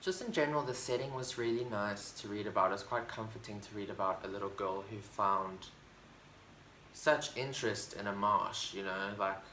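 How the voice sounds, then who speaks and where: With a lowish voice that sounds pushed and bright, a book vlogger talks through his favorite books at a moderate pace. The casual review chat is loose, enthusiastic, and rambling, full of fillers and restarts, and an echoey room adds roomy reverb and a faint hiss underneath.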